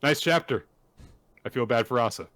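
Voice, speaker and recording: A man's voice: mid-range voice, lively intonation, fairly bright tone, no echo. A man hosting a podcast, casually recapping a manga chapter in a rambling way, with fillers and the odd swear. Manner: rambling retelling with fillers and profanity; plays characters' lines in quick put-on voices. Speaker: podcast host.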